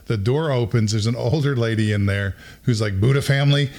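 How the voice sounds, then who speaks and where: A middle-aged man telling a story in casual conversation, lively and chuckling, often acting out what other people said. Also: on the low side, moderate pace. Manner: animated, acts out quoted voices, chuckles while telling.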